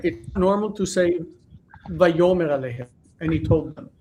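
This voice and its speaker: A man leads an online class on biblical Hebrew, explaining step by step and pausing to check that everyone follows. His voice sits a little high for a man. Faint hiss sits under the video-call audio. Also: a little mellow, low-quality recording. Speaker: Hebrew teacher.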